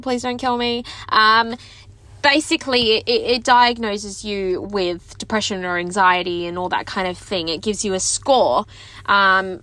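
A woman's voice: a little high, fairly bright tone, no echo. A woman in her twenties telling a personal story to her viewers, chatty and candid, with lots of "like" and self-mocking laughs. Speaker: vlogger.

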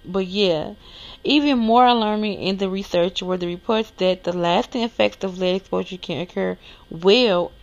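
A woman's voice: mid-range voice, lo-fi sound. A woman hosting a solo news podcast, reading articles aloud and reacting casually. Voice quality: lisp. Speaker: podcast host.

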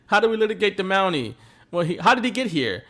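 Hosting a podcast, a man with a high, slightly bright voice casually recaps wrestling. He tells stories animatedly and laughs often.

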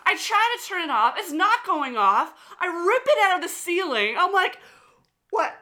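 A mother on a podcast telling a story in casual chat. She is animated, swears a lot and acts out the lines of the people in it. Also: very high voice, normal speed.

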